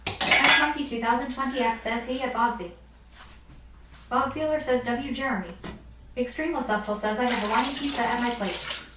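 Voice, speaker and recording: A woman's voice: on the high side, normal speed, pauses often, heavy background noise. A woman reading viewer comments aloud during a cooking livestream. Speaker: chat reader on a livestream. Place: home kitchen. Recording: very echoey kitchen, mic far off. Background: food frying and sizzling.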